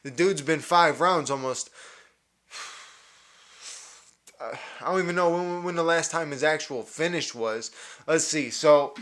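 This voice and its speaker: A young man hosts his podcast alone, talking through fight predictions with eager energy. His voice sits a little high for a man, and he stumbles into repeats and restarts as his thoughts run ahead. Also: fairly bright tone. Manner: enthusiastic, repeats words and restarts often. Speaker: podcast host. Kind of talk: solo fight breakdown.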